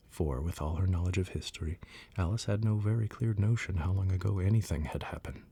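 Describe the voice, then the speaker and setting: Man, whispered role-play bedtime story, low, gravelly, very husky. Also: a little hiss or hum. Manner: slow, hushed bedtime reading. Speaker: ASMR storyteller.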